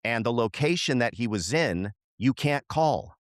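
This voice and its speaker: A middle-aged man co-hosting a podcast, telling a story in casual chat and jumping up in pitch when he acts out what people said. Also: a little slow, no room sound, studio quality. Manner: animated storyteller, voices quoted people with jumps in pitch. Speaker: podcast co-host.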